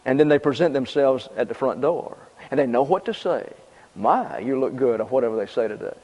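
A man's voice: medium pitch, expressive, fairly quick, a little mellow. Man preaching in a reverberant hall. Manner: conversational preaching with repeated points and asides. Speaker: pastor. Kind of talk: sermon. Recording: dull lo-fi sound with long reverb.

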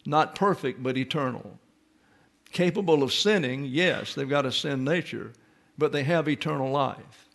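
A man's voice: mid-range voice, unhurried, gravelly, a bit bright. A man teaching a Bible lesson in sermon style, reading scripture and reference texts aloud and explaining them step by step.

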